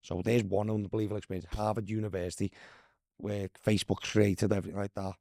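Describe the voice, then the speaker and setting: A Scouse man with a fairly low voice tells stories in a loose, chatty way, swearing freely and calling people lad. The sound is dry and close, with no room around it. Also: flat delivery, fast talker, creaky, warm tone, no room sound. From Liverpool, England. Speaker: guest, former footballer. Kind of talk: casual storytelling chat.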